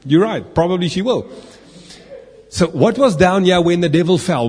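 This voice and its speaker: A man's voice: high-pitched, expressive, moderate pace, a little mellow, husky. A man teaching from the Bible to a live group, asking his listeners questions and making playful asides. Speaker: preacher. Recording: echoey hall.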